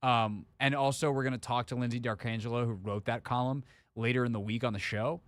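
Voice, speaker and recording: A man's voice: medium pitch, fairly quick, no room sound. A man hosting a sports radio talk show, chatting casually and joking about impressions. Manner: chatty, lively, jokey, trying out impressions. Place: radio studio. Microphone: studio microphone.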